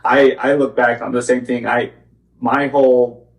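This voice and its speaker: A man's voice: medium pitch, flat delivery, unhurried, creaky, recorded from a distance. Rambling male podcast host, roomy. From Arizona's Gila Valley. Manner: rambling, many restarts. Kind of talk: casual chat.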